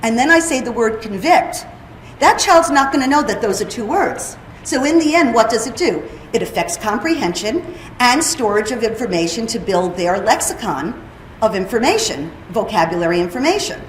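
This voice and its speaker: A woman's voice: on the high side, lively intonation, normal speed, slight background noise. A woman giving a conference presentation, explaining her topic and putting questions to the audience. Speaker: presenter on hearing and speech. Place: conference room. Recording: roomy hall with faint ambience.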